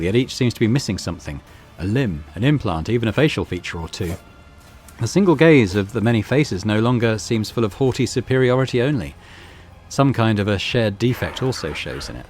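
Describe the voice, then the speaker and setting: A man with a fairly low voice hosts a let's play video. He reads the on-screen game text aloud and drops relaxed, offhand remarks between the passages. A faint hiss sits under the recording. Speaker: gaming video host.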